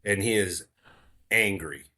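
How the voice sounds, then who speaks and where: A man with a somewhat low voice tells a story as a podcast guest. He talks earnestly in casual conversation and repeats key words for emphasis. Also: slow, bright, forceful tone.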